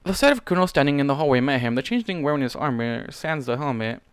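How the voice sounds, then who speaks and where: A man's voice: medium pitch, animated, fast talker, clean tone, no room sound. A man casually reading a pony fan story aloud, breaking off with profane, exasperated asides. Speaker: fanfiction reader.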